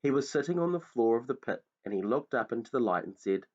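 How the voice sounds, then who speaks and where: Male reader, dramatic hushed storytelling, lively pitch, dull lo-fi sound. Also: fast, hardly any pauses. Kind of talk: reading a children's book aloud. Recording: dull lo-fi recording.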